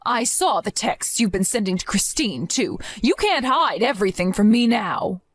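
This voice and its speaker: A woman's voice: fairly high pitch, sing-song, normal speed, no room sound. A woman voicing a protective, stern grandmother who demands answers and scolds firmly in a dramatized story. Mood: scolding. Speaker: narrator and grandmother.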